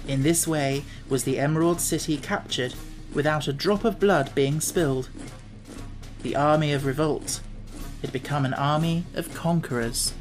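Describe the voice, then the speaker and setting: Male audiobook narrator, measured storyteller, light music underneath. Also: on the high side. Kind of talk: scripted narration.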